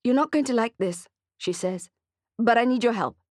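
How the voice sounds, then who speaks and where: A woman voices a tearful, desperate character, pleading emotionally with an urgent mood. Her natural voice sits on the high side, pitched above her own usual register, with a darkish tone and moderate pace. The studio-quality recording has no room sound.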